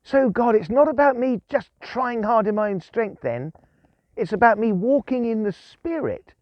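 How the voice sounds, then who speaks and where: A man's voice: extremely high pitch, moderate pace, no echo, dull audio. A man giving an informal outdoor devotional talk, chatty and chuckling as he tells stories. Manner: chatty, chuckling, animated storytelling. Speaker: guest preacher. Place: outdoors in the countryside.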